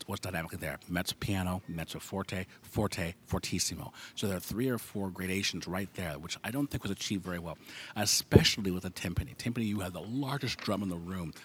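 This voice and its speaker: A deep-voiced man adjudicates a school band over a handheld microphone, offering frank, specific feedback and singing rhythms aloud to show what he wants. A slight background noise is audible behind the music festival adjudicator.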